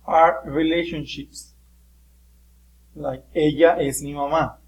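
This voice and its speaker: This recorded lesson features a Spanish teacher whose voice is fairly high, speaking slowly with fairly even intonation. He patiently explains with occasional fillers, alternating English and Spanish, and the audio has its highs cut off.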